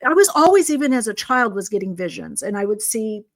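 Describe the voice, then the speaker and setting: A woman's voice: medium pitch, very animated, fairly quick. A middle-aged woman in a casual conversation, telling stories animatedly as a psychic guest. She acts out the dialogue she quotes and often restarts her sentences. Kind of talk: casual storytelling. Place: video conversation.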